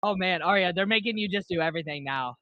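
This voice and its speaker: Laid-back man, bright and fairly high, casual streamer talk, slightly muffled dry mic. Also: quick pace, dry recording. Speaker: game streamer.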